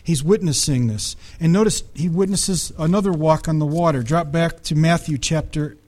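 A man with a notably high voice preaches to his congregation. He reads scripture passages aloud and breaks in with casual asides. He keeps asking his listeners whether they follow. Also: moderate pace, darkish tone. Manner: conversational preaching with frequent checks to the congregation. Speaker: pastor. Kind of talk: sermon.

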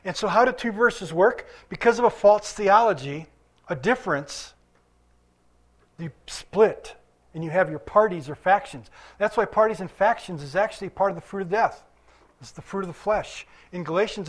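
Casting: high-voiced male pastor, chatty preaching with asides. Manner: conversational preaching with asides and chuckles. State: limping after surgery. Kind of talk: sermon.

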